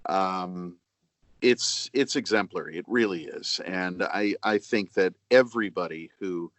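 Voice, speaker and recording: A middle-aged man being interviewed as a guest voice actor, speaking in a measured, earnest way with many fillers and restarts. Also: deep voice, a bit bright, dry recording. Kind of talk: casual interview.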